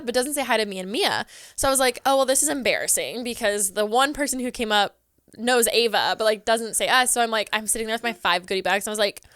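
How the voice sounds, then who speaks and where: A woman's voice: on the high side, fast talker, a bit bright, clear, resonant tone, no room sound, clean studio sound. A young woman from Southern California, a podcast guest telling a story in a chatty way, full of "like" and acted-out quotes of herself. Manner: chatty, heavy on "like", acts out her own past lines. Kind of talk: casual storytelling. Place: podcast studio.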